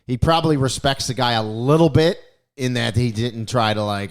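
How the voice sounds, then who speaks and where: A man's voice: mid-range voice, a little fast. A man co-hosting a podcast, chatting casually and telling stories in a laid-back, chuckling way. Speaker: podcast co-host. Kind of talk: casual chat.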